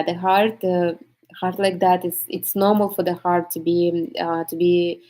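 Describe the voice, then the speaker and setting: A woman coach talking in a casual monologue, reflective and reassuring, with many pauses and fillers. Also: on the low side, dark tone, poor audio. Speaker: energy coach.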